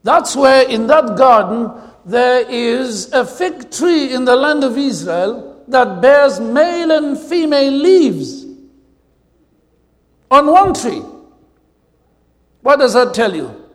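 A South African man preaching a sermon as pastor, telling humorous stories with drawn-out emphasis, in a church hall. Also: very high voice, big pitch swings. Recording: long hall reverb.

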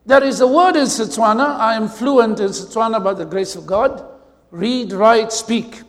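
A South African man preaching with a very high voice, his words ringing in a long hall reverb. He tells funny stories from the pulpit and stretches out key words for effect. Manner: humorous storytelling with drawn-out emphasis. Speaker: pastor. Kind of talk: preaching a sermon.

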